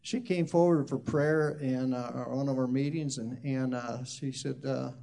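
A man's voice: mid-range voice, fairly even intonation, measured pace, gravelly, dark tone. A man who is a minister, telling a loose, rambling testimony story full of asides.

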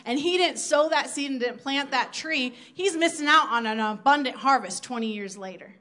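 A woman's voice: high voice, animated, normal speed, sharp tone. A woman from South Dakota giving an earnest, conversational sermon to her church, acting out her own inner thoughts as she goes. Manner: earnest, conversational preaching with acted-out inner quotes. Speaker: church speaker.

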